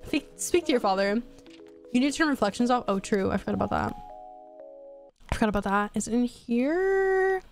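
Excitable higher-voiced woman streamer. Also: soft background music. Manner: excitable, swears, quick exclamations. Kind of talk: casual gameplay commentary.

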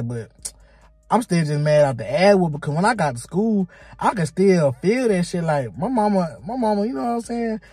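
Dude telling a storytime story, swearing a lot, kinda high but mellow voice, dry close sound. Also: male voice, normal speed, breathy edge, dry recording. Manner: slangy, profane, animated retelling. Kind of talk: casual storytime monologue.

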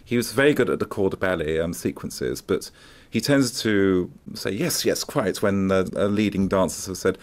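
Deep-voiced man in a radio interview. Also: normal speed. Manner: hesitant, many ums, animated storytelling. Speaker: music expert guest.

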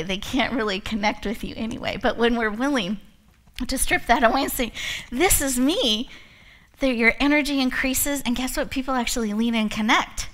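A woman hosting an event, giving a motivational talk full of personal stories and frequent laughter. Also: a little high. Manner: laughs often, animated storytelling. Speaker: event host and speaker.

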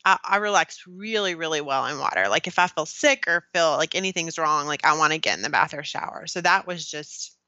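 A young woman tells her birth story in an earnest, chatty way, full of "like" and restarts. Her voice is bright and clear, sitting slightly low. The close mic sounds dry, with no room around it. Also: fairly quick, hardly any pauses, dry recording, dull audio. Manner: earnest, frequent "like" and "kinda", restarts mid-sentence. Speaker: podcast guest telling her birth story. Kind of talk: casual personal storytelling.

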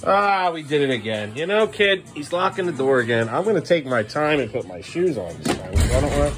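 A man's voice: fairly high pitch, very animated, fairly quick, few pauses, music in the background. A man, a father, talking casually to his kids at home in a vlog and scolding them firmly and repetitively. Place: family home, indoors.

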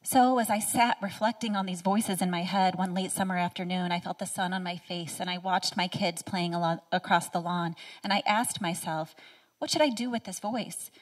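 A woman in her thirties giving a prepared personal speech as a featured speaker at a live event, earnest and heartfelt, sometimes dropping to a soft near-whisper. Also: fairly low pitch, fairly even intonation, normal speed, hardly any pauses, distant mic. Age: 30s. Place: event stage.

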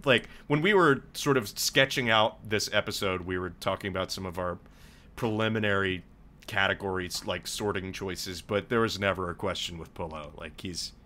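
A young man co-hosting a podcast, talking in a measured, thoughtful way. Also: sits low, bright, forceful tone. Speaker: podcast co-host. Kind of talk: casual chat.

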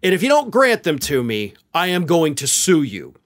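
A man's voice: a little high, wildly swooping pitch, moderate pace. A man doing a mocking impression of an indignant middle-aged businessman who blusters and complains. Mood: outraged.

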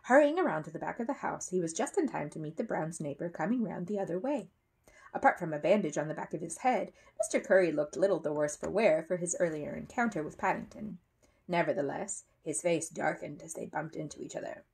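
A woman reads a children's story aloud with a lively, rising and falling melody. Her tone is slightly husky and breathy. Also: fairly low pitch, brisk. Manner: expressive, animated. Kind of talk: reading a children's book aloud.

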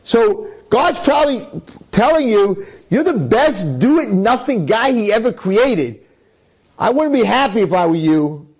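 A scornful male devil taunting a simple man in a spoken story, as a male rabbi puts him on. The voice is husky and swoops with contempt, rising sharply on insults. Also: high voice, very animated, unhurried, a little mellow, pitched above the performer's own voice, heavily acted, poor audio. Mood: mocking. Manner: sneering, mocking. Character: scornful male Satan, mocking tempter.

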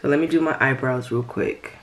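Chatty and a little fast, a woman with a very deep voice walks viewers through her makeup in a beauty vlog, now and then lowering her voice to a whisper.

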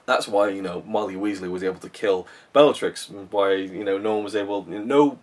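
A man's voice: on the low side, brisk, distant mic. A man giving a casual, rambling spoken film review, with frequent "you know" fillers.

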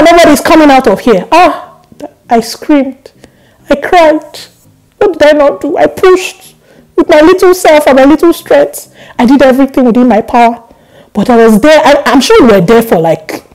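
A young woman vlogger chatting casually to camera, telling stories with animated laughs. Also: sits high, poor audio. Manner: animated storytelling, laughs often.

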